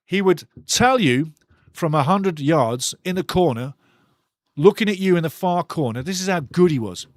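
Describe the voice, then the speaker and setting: A man's voice: a little high, expressive, moderate pace, dry recording, studio quality. A man hosting a live football watchalong, talking passionately and ranting about refereeing calls in a chatty way. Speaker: watchalong host.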